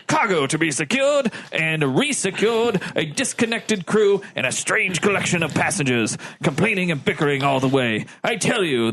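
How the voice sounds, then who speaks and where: A man's voice: sits high, a bit bright, voice pushed up. A man putting on a blustery mock-Scottish ship's lieutenant. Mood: exasperated. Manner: theatrical read-aloud, breaks into laughter. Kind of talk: reading a board game's case text aloud.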